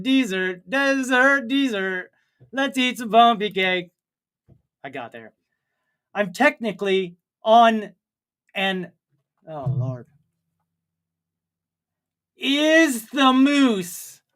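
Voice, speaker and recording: A man's voice: sits high, fairly bright tone. Rambling jokey man reading chat. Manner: rambling, jokey and self-mocking. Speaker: co-host of a comedy livestream. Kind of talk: casual chat reading viewer comments.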